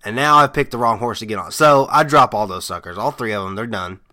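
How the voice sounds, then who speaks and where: A man with a bright, forceful voice hosts a casual podcast. He rambles through amused stories with plenty of fillers and restarts. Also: fairly low pitch, fast talker. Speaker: podcast host. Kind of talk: casual storytelling monologue.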